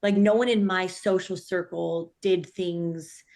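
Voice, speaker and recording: A woman's voice: lowish voice, steady tone, slow pace, darkish tone. A young woman, a mother of three, chatting casually and filling her talk with "like" and "honestly". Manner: chatty, lots of fillers like "like" and "honestly". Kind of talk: casual conversation.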